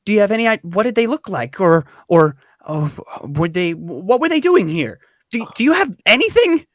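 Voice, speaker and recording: A man's voice: sits high, big pitch swings, moderate pace, dry recording, clean studio sound, voice pushed up. A man voicing a nervous townswoman in a tabletop game, stammering and fretful. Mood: flustered. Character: flustered nervous woman townsfolk.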